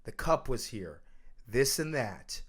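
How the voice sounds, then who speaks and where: A man hosting a casual sports podcast, ranting emphatically and swinging between loud outbursts and low mutters. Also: sing-song, takes it slowly. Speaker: podcast host.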